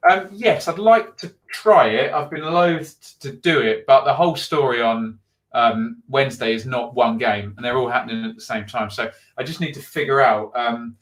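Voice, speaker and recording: A middle-aged man hosts a live football stream for his channel, reading out viewer comments and thinking aloud with frequent ums. His voice is medium-pitched and a bit bright.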